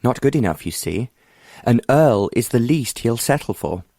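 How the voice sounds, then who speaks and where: A man voicing a bold, determined young woman who speaks frankly and confidingly, in a mid-pitched voice with little room sound. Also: expressive, moderate pace, dark tone, no room sound, studio quality.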